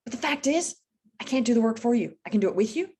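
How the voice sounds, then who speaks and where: Woman in her fifties, business coach guest, lively swooping intonation, fairly high voice, energetic and emphatic. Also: fast, husky. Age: 50s. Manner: energetic, emphatic, animated storytelling. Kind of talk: podcast interview.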